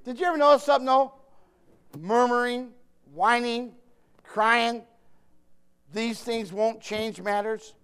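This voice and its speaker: A man preaching a sermon, talking straight to his congregation, joking with them and swinging from quiet asides to loud emphatic bursts. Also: very high-pitched, steady tone, unhurried, pauses often, smooth.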